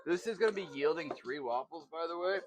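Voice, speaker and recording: Over a crowd in the background, a man with a fairly high voice talks fairly quickly while cooking in a home video. This home cook vlogger rambles casually, full of fillers and asides.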